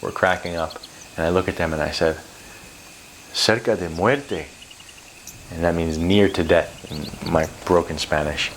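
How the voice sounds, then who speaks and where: A man's voice: low voice, level tone, moderate pace, slight background noise. A man on a vlog telling a personal story in an intense, rambling way, swearing freely as he goes. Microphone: close to camera.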